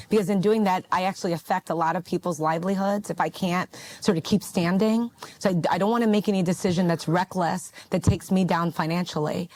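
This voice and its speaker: A woman's voice: on the low side, darkish tone, no room sound. A woman giving a candid talk on money and family, stressing her points emphatically and repeating them. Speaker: guest speaker.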